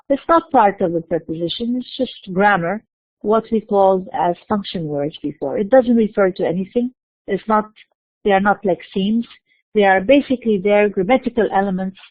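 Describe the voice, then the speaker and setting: A woman's voice: medium pitch, no room sound. Woman lecturing, tinny phone-like sound. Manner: explanatory, repeats words and restarts, asks and answers own questions. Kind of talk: university lecture.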